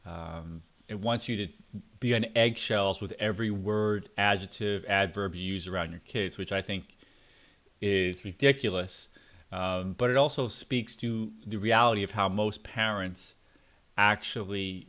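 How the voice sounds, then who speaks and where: A man's voice: fairly low pitch, fairly bright tone. A middle-aged man giving a casual, blunt and opinionated spoken book review, with fillers and asides. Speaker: book reviewer and parenting channel host.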